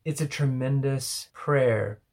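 A Bible teacher giving a devotional sermon and reading scripture aloud, emphatic, swinging from loud exclamations to hushed asides. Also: mid-range voice, slow.

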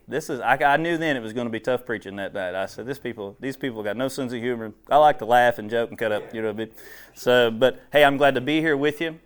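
A man's voice: medium pitch, clear, resonant tone. A man preaching casually to a small group in a meeting room, joking and folksy, chatty, recorded on a clip-on wire mic.

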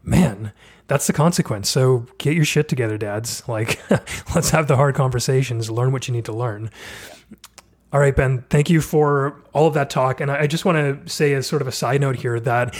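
A man's voice: mid-range voice, normal speed. A man hosting a podcast, talking casually and bluntly with frequent swearing. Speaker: podcast host.

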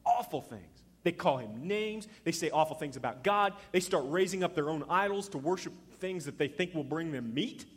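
A man preaching a sermon as pastor, telling the story in an animated way and acting out the voices he quotes. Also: on the high side, normal speed, hardly any pauses, husky, in a large hall.

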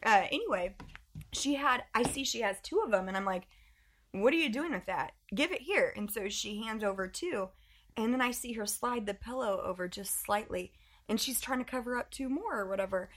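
A woman in her thirties, a podcast co-host, telling mom stories in casual chat, animated and laughing often. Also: a little high, moderate pace. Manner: animated storytelling, laughs often, acts out voices.

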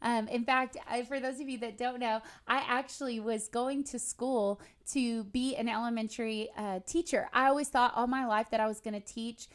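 A woman's voice: fairly high pitch, fairly even intonation, normal speed, few pauses. A woman in her thirties teaching on a faith podcast, speaking earnestly and telling personal stories in a conversational way. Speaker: podcast host and Bible teacher.

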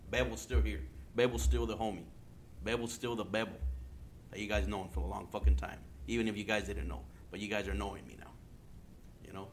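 A man's voice: on the low side, slight background noise. A man from Arizona hosting his own podcast in casual solo talk, rambling, heavily profane and joking at himself, with Spanish slang dropped in. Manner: loose, joking and laughing at himself. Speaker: podcast host.

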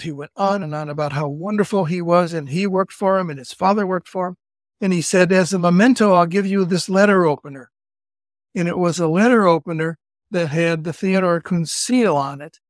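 An older man co-hosting a podcast, chatting casually and telling family stories with quick asides. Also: high-pitched, no room sound, clean studio sound. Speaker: podcast co-host. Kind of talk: casual family-history chat.

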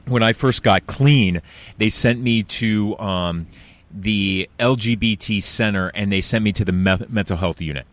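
A male host holding an interview, sharing personal stories in an earnest, animated way. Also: on the low side, measured pace, no room sound. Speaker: podcast host.

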